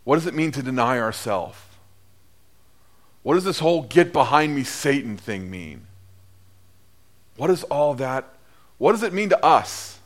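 A middle-aged man, a priest, preaching a sermon, telling the story with lively asides and acting out the voices of the people in it. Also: mid-range voice, measured pace, long pauses.

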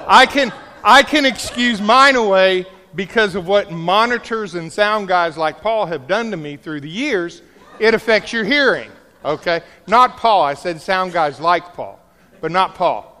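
Animated high-voiced male preacher in a reverberant hall. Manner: storytelling, animated, jokey asides. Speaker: pastor. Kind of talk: sermon. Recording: large hall with long reverb.

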